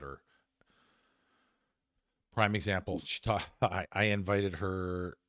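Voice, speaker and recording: A man in his fifties co-hosting a podcast, telling a personal story in casual chat, animated and laughing as he goes, with the odd swear. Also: low-pitched, slow, pauses often, dry recording. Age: 50s. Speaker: podcast co-host.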